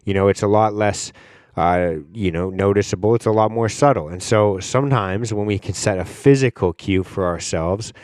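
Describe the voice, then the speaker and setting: A man's voice: on the low side, normal speed, a little mellow, no echo, clean studio sound. A young man hosting a solo podcast, talking informally in a rambling way, with many fillers and frequent swearing. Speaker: podcast host. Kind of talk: casual solo podcast talk.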